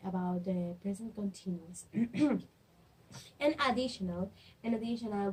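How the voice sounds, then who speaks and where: A young adult woman student reviewing what she learned in class, halting and searching for words, with frequent restarts. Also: medium pitch, a little mellow, slightly rough, rough recording. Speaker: student presenter.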